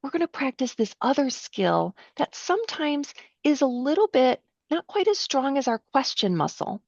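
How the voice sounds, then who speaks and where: A woman's voice: high-pitched, big pitch swings, normal speed, creaky, dry recording. A middle-aged woman, a counselor, teaching a workshop patiently step by step, often checking in with her listeners. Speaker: counselor leading a training session. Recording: dull lo-fi sound, dry.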